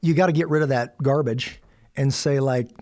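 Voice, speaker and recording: A middle-aged American man, guest on a podcast, tells a story in casual chat with a mid-range, slightly mellow voice at normal speed. He acts out the quotes and laughs often.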